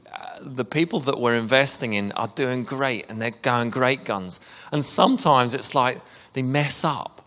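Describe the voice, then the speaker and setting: A man preaching a sermon in a conversational way, with fillers and lively asides. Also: medium pitch, long reverb tail.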